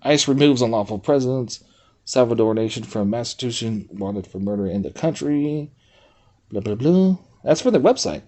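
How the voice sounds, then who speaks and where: Speaking at a normal speed in a mid-range voice, this male streamer chats casually with his viewers. He wanders from topic to topic, reads from a website, addresses the chat, and cuts loose with lively, profane outbursts.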